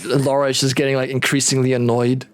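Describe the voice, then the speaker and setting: A man's voice: medium pitch, completely flat delivery, fast, clear, resonant tone. A man narrating as game master, speaking loosely and casually.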